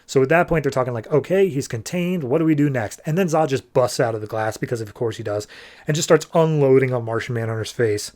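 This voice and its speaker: A man's voice: mid-range voice, fast, a little mellow. Casual man recapping a comic. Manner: loose, rambling retelling full of "like" and paraphrased dialogue. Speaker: comic book podcast host.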